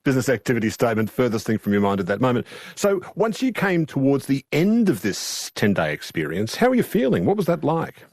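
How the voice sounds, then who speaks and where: A male radio interviewer with a lively, widely ranging voice. He asks questions in an animated, amused way. The studio sound is dry and close. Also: medium pitch, a little fast, hardly any pauses, no room sound. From Australia. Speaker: radio host.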